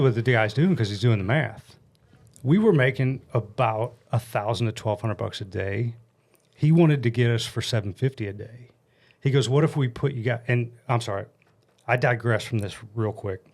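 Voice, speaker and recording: American guy in his 40s on a podcast mic, blunt and animated, swears casually while telling a story. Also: medium pitch. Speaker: podcast guest. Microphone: studio mic on a stand.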